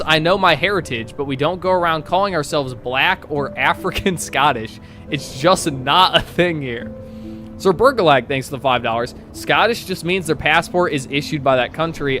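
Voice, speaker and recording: A man's voice: fairly high pitch, pushed and bright. A man live-streaming, casually reading online posts aloud to his chat and breaking off with sarcastic asides.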